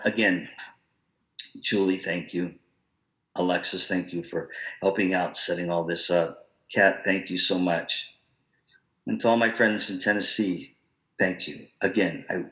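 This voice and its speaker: A man presenting an online professional-development talk to music teachers, in a lively, conversational, storytelling manner. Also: sits low, roomy sound, low-quality recording.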